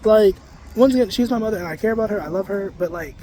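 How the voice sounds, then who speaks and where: A young man with a high voice talks fast in this casual walking vlog, filmed on a handheld phone beside a road with passing traffic. A spiritual vlogger, he rambles, curses frequently, and leans on "like" and "you know."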